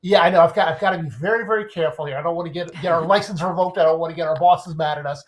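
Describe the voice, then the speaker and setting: A man, a guest sports writer, talking in a casual podcast discussion and explaining things in an animated way with everyday comparisons. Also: a little high, rapid-fire, a little hiss or hum.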